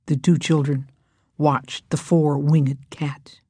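Woman, storybook read-aloud, slow, husky soft tone, dry close recording. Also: low voice, flat delivery, no echo. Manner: slow, hushed and breathy.

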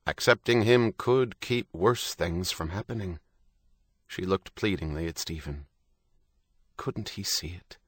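A man reading a novel aloud in steady, even narration. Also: low voice, a little slow, husky, no room sound, studio quality. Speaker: audiobook narrator. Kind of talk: scripted narration.

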